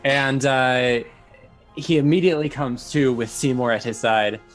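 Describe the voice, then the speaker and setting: A man's voice: mid-range voice, measured pace, faint music behind. A British man narrating as dungeon master, dramatic and laughing as he tells the action. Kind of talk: narrating a tabletop game.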